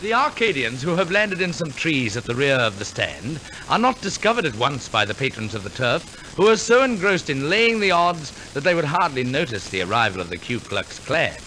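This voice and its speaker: Lively, bright-voiced radio announcer man. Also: fairly high pitch, normal speed, few pauses, a little hiss or hum, poor audio. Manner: theatrical storytelling with wry asides. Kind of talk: 1940s radio narration. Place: radio studio.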